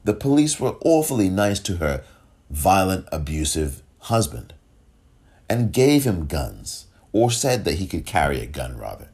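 Impassioned deep-voiced man with a husky tone. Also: sing-song, a little slow. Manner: impassioned, rising to near-shouted questions; rhetorical, repeats phrases for emphasis. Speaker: podcast host. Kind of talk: solo commentary.

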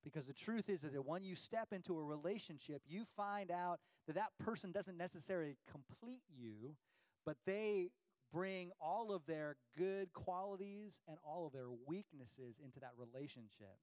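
A middle-aged man explains scripture to the panel in a preacher's cadence, repeating a line to drive it home. His voice sits a little high and sounds dry and close. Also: expressive, normal speed, darkish tone, no room sound, poor audio. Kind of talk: sermon-like teaching.

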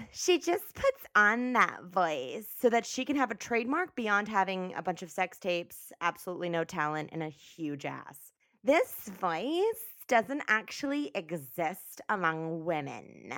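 A woman's voice: mid-range voice, a bit bright, no echo, clean studio sound. A young woman hosting a comedy podcast, rambling and self-mocking in a bubbly way. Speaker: podcast host. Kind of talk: comedy podcast monologue and sketch.

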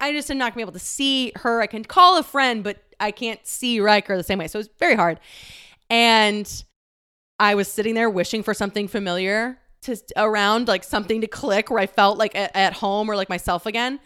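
A woman's voice: medium pitch, brisk, a bit bright, smooth. A young woman telling a personal story, candid and emotional, laughing often and close to tears.

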